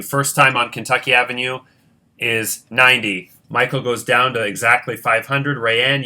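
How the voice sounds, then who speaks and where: A man's voice: mid-range voice, sharp tone. A man hosting a board game competition, counting squares aloud and checking his sums in casual play-by-play. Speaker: host running a Monopoly-style competition.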